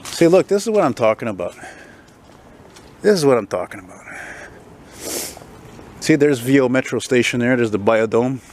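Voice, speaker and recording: A man's voice: medium pitch, animated, moderate pace, long pauses, a little mellow, a little hiss or hum. A tired, unwell man, ranting and rambling as he walks a city street, recording on a handheld phone. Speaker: vlogger. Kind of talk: walking vlog rant.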